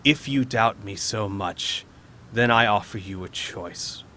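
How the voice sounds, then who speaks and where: A man voicing a proud, menacing male beholder who rules an arena maze, speaking slowly and imperiously. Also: lowish voice, bright, forceful tone, voice pushed down. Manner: slow, imperious, commanding delivery.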